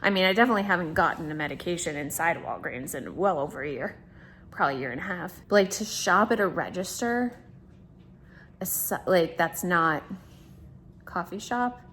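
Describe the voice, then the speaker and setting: A woman's voice: on the low side, normal speed, fairly bright tone, slight background noise. A woman talking casually in a video diary, chatty and rambling, often restarting her sentences and talking to her dog. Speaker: vlogger.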